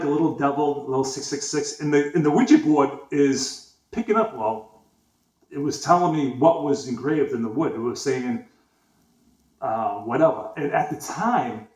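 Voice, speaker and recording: A man's voice: mid-range voice, a little mellow. A man in his forties with a Boston accent, telling a story in a rambling, casual way, full of fillers, restarts and swearing. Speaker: vlogger. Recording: echoey room.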